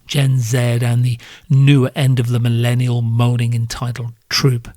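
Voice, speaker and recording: A man's voice: mid-range voice, darkish tone, no room sound, clean studio sound. A British man hosting a solo podcast, ranting in a sardonic, crude and profane way. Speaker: podcast host.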